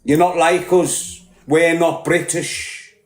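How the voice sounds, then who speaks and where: A man's voice: a little high, fairly even intonation, slow pace. Combative Liverpool man, echoey room. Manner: blunt, combative, heavy swearing. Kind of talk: heated podcast rant.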